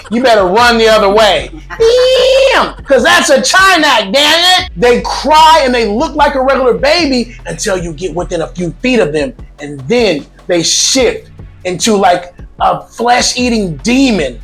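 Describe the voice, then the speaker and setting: A man hosting a casual vlog, talking to viewers in a lively, joking way with emphatic asides. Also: high-pitched. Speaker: vlog host.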